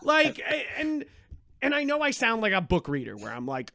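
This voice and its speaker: A man co-hosting a podcast in casual chat, animated and profane, rambling with lots of restarts. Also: extremely high pitch, moderate pace, creaky, no room sound, studio quality. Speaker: podcast co-host.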